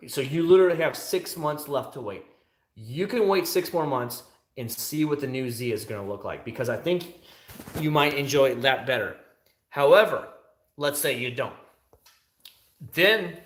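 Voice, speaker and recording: A man chats through a casual livestream, animated and talkative as he answers viewers' questions. His voice is bright and forward. The sound has a noticeable echo around it. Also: mid-range voice, normal speed. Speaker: livestream host.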